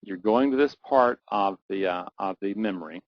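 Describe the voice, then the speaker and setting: Middle-aged male coach, guided visualization, low pitch, slow soothing repetition, muffled dry recording. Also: no echo. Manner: slow soothing guidance that builds to urgent intensity, repeating phrases. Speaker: performance coach.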